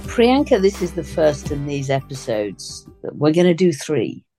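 A woman with a low, hoarse, gruff voice hosts a podcast interview. She talks in a loose, chatty way and drops in little asides as she goes. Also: big pitch swings, unhurried, warm tone, soft background music. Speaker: podcast host.

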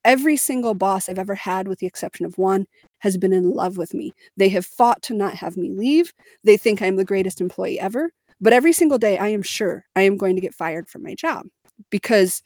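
A woman's voice: medium pitch, a little mellow, dry recording. A young adult woman from Missouri co-hosting a podcast, telling a personal story candidly and emphatically, with laughs and fillers. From Missouri, United States. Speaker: podcast co-host.

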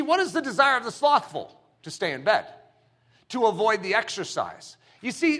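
A man preaching a sermon as pastor in a church, animated and acting out the voices he quotes. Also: sits high. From United States.

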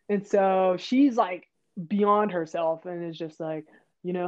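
A woman tells a long story in casual, animated chat and acts out the quotes with sudden rises in her voice. Her tone is warm and mellow. The sound is a little dull and muffled. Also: medium pitch, moderate pace. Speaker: guest.

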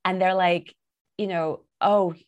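A woman, a theater producer, in casual conversation, telling a story with lively acted-out dialogue. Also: medium pitch, a little fast, highs cut off. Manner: animated storyteller, acts out quoted dialogue.

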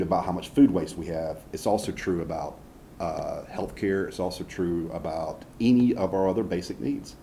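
A man's voice: low voice, warm tone, reverberant, a little hiss or hum, low-quality recording. A man with a Southern US accent, a labor organizer answering audience questions in a folksy, conversational way with many fillers and restarts. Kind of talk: casual public Q&A talk.

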